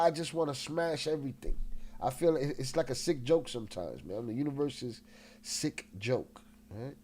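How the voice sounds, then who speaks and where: A man hosts a casual livestream, restless and agitated, swearing often as he greets chat members. His voice is fairly high-pitched, a little mellow and slightly nasal.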